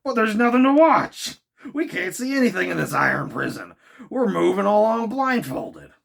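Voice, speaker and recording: A blustering, burly harpooner shouts his complaints in a booming audiobook voice, as a man reading the book puts him on. The voice leaps high and loud when he is angry and swings widely. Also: big pitch swings, slow pace, a crowd in the background. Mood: exasperated. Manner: loud and exasperated.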